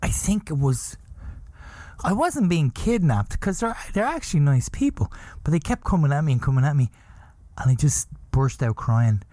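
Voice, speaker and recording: A man's voice: on the high side, very animated, moderate pace, dark tone. A man hosting a podcast, telling a rambling comic story and laughing at his own jokes. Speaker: podcast host.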